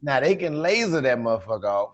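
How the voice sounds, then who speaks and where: A man hosting a casual comedy chat, joking and excitable, swearing freely. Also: mid-range voice, fast, muffled recording. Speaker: show host.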